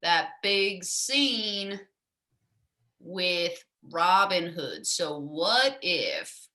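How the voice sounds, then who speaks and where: A woman's voice: on the low side, pushed and bright, full character voice. A woman in an improv comedy scene playing a blunt, crude female casting director. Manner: blunt and crude, slow drawn-out delivery. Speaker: improv performer.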